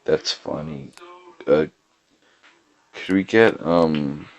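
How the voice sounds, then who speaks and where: A man hosting a podcast, delivering a rambling deadpan comedy monologue full of fillers and hesitations. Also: rumbling low, very slow, rough recording. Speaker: podcast host.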